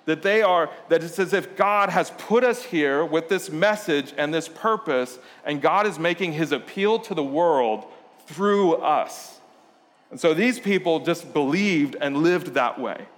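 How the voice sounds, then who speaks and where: Guy preaching casual, chatty storytelling, kinda high voice, big church echo. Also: a little slow, a bit bright. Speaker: pastor. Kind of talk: sermon. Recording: long hall reverb.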